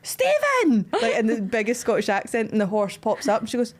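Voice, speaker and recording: A woman's voice: mid-range voice, little pitch movement, quick pace, a little mellow. Young woman, podcast co-host, chatty anecdotal storyteller. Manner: chatty storyteller, acts out quoted voices. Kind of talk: casual chat.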